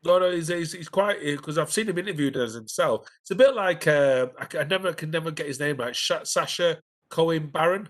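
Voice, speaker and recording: A man's voice: fairly high pitch, fairly quick. A man co-hosting a casual live-stream chat, hesitant with many fillers and false starts. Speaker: podcast co-host.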